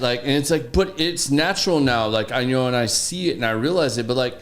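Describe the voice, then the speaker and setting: A man telling anecdotes in an animated, casual way during a podcast conversation. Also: mid-range voice, a little fast.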